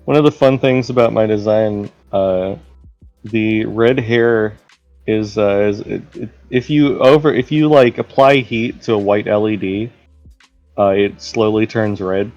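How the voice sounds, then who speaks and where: Deadpan joking male guest. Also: on the low side, measured pace, muffled recording, faint music behind. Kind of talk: casual chat.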